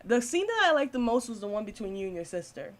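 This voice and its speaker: A woman's voice: on the high side, very animated, fast. Blunt, foul-mouthed woman reviewing a film. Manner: blunt, swears freely, laughs often. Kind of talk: casual spoken film review.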